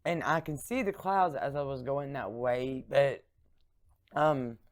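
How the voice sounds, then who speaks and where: A woman co-hosting a podcast, telling stories in a lively, chatty way. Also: very deep voice, slow pace. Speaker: podcast co-host. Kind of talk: casual storytelling chat.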